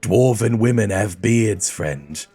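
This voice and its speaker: A burly female dwarf warrior, as a man puts her on, low and gruff. She speaks slowly and bluntly, with an animated lilt under the growl, like a fantasy game character. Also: full character voice. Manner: gruff, low, slow and deliberate.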